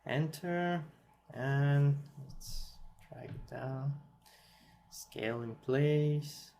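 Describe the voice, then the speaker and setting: A man who is not a native English speaker, hosting a software tutorial and thinking aloud as he works, a bit tired and self-correcting. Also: medium pitch, drawn-out words, vocal fry. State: yawning, tired. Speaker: tutorial host. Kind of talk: screen-recorded software tutorial.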